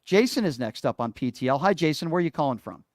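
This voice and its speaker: A man's voice: on the high side, lively intonation, fast talker, no room sound. A man hosting a political talk radio show, questioning callers in a combative, sarcastic way on a studio microphone.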